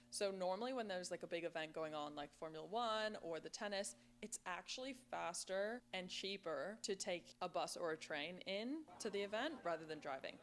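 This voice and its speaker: Casting: young woman, American accent, lower voice, enthusiastic vlogger, faint hum behind. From Australia. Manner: bubbly, gushing, heavy use of "like". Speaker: vlogger in a played video. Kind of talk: casual vlog monologue.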